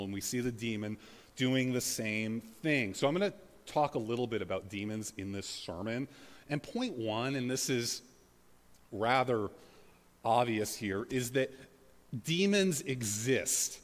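A man's voice: mid-range voice, in a large hall. A man, a pastor, preaching a sermon in a loose, conversational way, full of fillers, with bursts of dramatic scripture reading. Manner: conversational, uses many fillers like "like" and "you know".

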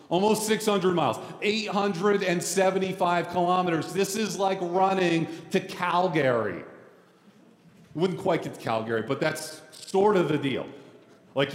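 A man in his forties, a pastor preaching a sermon in a casual, joking, self-deprecating way. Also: on the high side. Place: church sanctuary. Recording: roomy hall reverb.

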